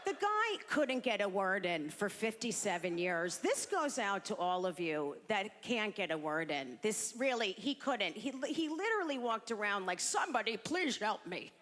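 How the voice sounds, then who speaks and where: A woman's voice: medium pitch, very animated, moderate pace, hardly any pauses, a bit bright, big-room sound. A woman doing a brash, self-deprecating stand-up set on a comedy stage into a handheld mic.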